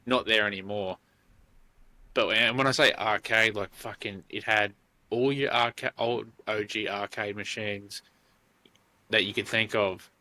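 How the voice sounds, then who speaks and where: A man's voice: fairly low pitch, fairly even intonation, a little slow, pushed and bright, no room sound. An Australian man in his thirties, co-hosting a podcast and telling rambling, sweary stories. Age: 30s. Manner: swears freely, rambling storytelling. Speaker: podcast co-host. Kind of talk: casual chat.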